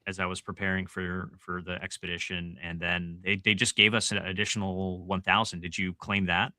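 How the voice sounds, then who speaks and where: Low-voiced man, very bright and dry. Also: normal speed, dry recording. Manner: relaxed, chatty, lots of ums. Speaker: podcast co-host. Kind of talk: casual gaming chat.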